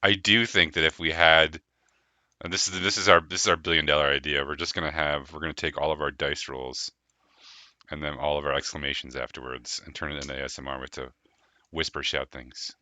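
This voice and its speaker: A man hosting a live tabletop game stream as game master, talking casually with quick laughs and rambling restarts. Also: very deep voice, little pitch movement, sharp tone, no room sound.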